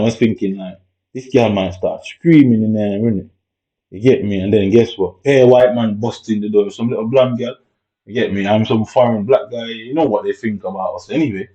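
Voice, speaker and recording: A man's voice: lowish voice, moderate pace, mellow. A man in a casual vlog monologue, rambling and agitated and swearing often. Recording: dull lo-fi recording.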